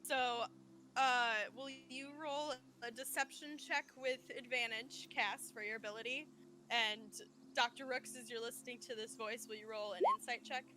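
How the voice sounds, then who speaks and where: A woman's voice: on the high side, steady tone, moderate pace, noisy background. A woman running a tabletop game as game master, asking players for rolls and laughing often.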